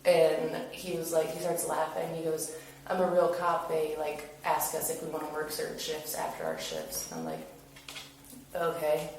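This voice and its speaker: A woman's voice: sits low, normal speed, a little mellow. A young woman casually retelling events, chatty and full of fillers, acting out what others said. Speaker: interviewee recounting an incident. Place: interview room. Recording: echoey room, far from mic, hiss.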